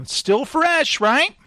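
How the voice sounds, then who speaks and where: High-voiced man chatting on a podcast. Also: very animated, very slow, pushed and bright, dry recording. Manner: chatty and amused, full of filler "like". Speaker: podcast host. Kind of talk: casual podcast chat.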